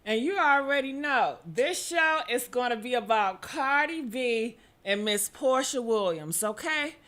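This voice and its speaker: A woman hosts a chatty livestream of gossip, speaking directly to viewers and repeatedly calling out "honey" and "okay?" Her high voice is bright and sharp, with lively intonation at a measured pace, and she bursts into sudden whooping cries.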